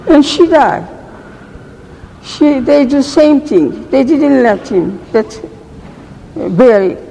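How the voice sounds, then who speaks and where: An older woman giving an oral history account as a survivor, speaking halting, broken English with frequent restarts. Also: high-pitched, animated, gravelly, warm tone. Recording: reverberant room, faint background noise.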